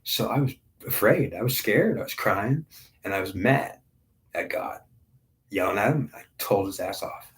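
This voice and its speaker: A man's voice: on the low side, animated, normal speed. A man in his forties giving an emotional, intense spiritual testimony, blunt and swearing, often restarting his sentences. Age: 40s. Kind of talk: personal spiritual testimony monologue.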